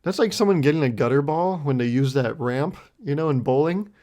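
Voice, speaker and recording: A man's voice: a little high, lively intonation, brisk, a little mellow. A man in his twenties hosting a solo podcast, telling a rambling story in a self-mocking way, laughing often and swearing freely. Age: 20s. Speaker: podcast host.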